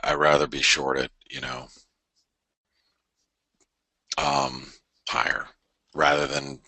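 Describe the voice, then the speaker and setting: A forex trading show host, a middle-aged man, speaks in a bass voice with a sharp, slightly rough tone, captured in a dry recording. His live market commentary is casual and meandering, full of stammered restarts as he thinks out loud.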